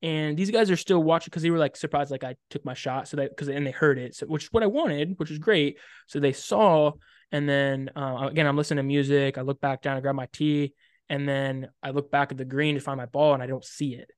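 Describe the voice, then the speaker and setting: A young man co-hosting a podcast, telling a story in casual chat with lots of "like" and sudden excited bursts. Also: fairly high pitch, brisk, clear, resonant tone, dry recording, clean studio sound. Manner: animated, loud bursts when reliving excitement, frequent "like". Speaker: podcast co-host.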